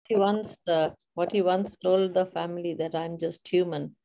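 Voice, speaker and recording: A woman hosting a podcast interview, calmly asking short follow-up questions. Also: on the low side, normal speed, vocal fry. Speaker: podcast host. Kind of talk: conversational interview.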